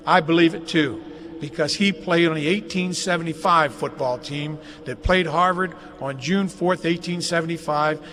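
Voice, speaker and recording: An older man's voice, on the high side and pushed and bright, carries a folksy, jokey speech of anecdotes at a dedication inside a large athletic facility. It was recorded on a live webcast with faint noise and a long hall reverb.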